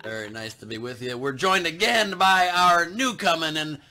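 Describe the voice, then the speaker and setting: A man's voice: a little high, lively intonation, moderate pace, sharp tone. A man hosting a comedy show over a video call, teasing and introducing guests with jokes. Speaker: podcast host. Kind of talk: casual comedic banter.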